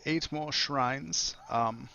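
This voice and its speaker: A man voicing a polite, deferential male scholar who speaks haltingly and full of fillers. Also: medium pitch, creaky, pushed and bright, muffled recording, voice pushed up, exaggerated voice. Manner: halting, filler-heavy speech.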